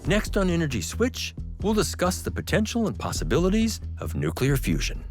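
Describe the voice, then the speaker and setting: A man's voice: on the high side, normal speed, soft background music. A middle-aged man hosting an energy show, narrating from a script and then chatting curiously with guests. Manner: lively, curious, laughs easily. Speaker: host, energy scientist. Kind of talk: scripted narration and casual interview chat.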